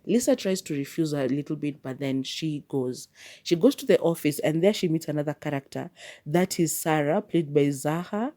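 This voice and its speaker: A woman hosting a podcast, retelling a movie plot in a chatty, animated way. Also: deep voice, moderate pace. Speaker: podcast host. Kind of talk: casual movie review.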